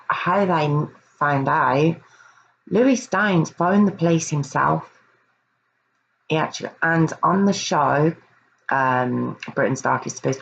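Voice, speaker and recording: A woman's voice: a bass voice, gravelly, muffled recording, slight background noise. A woman earnestly recounting a true crime case in a casual review, often hesitating and repeating words.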